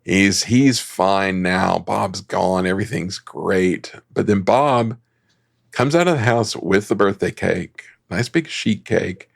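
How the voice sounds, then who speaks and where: A man's voice: lowish voice, animated, unhurried, vocal fry. A man co-hosting a film society show, chatty and laughing as he recaps the plot in a casual way. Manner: chatty, laughing, many ums.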